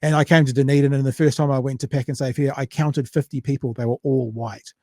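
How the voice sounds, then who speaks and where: A man's voice: medium pitch, fairly even intonation, fast, darkish tone, dry recording, clean studio sound. Rambling New Zealand man telling anecdotes. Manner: rambling anecdotal storytelling with restarts and swearing. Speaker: podcast co-host. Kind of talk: casual chat.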